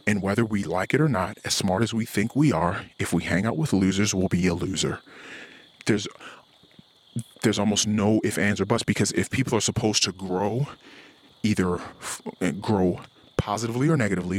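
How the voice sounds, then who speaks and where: A middle-aged podcast host with a lowish, husky voice rants through a profane personal monologue, tossing in heated quoted asides.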